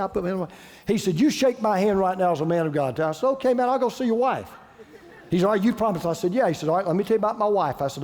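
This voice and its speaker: A man's voice: fairly high pitch, a little mellow. A middle-aged man preaching a sermon, emphatic and conversational, telling a story with repeated phrases. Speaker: pastor. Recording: long reverb of a large auditorium.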